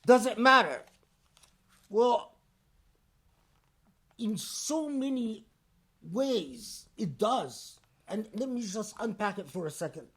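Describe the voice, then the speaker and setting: A man preaching a Friday sermon in a deliberate, emphatic and pointed way. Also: high voice, lively intonation, fairly bright tone.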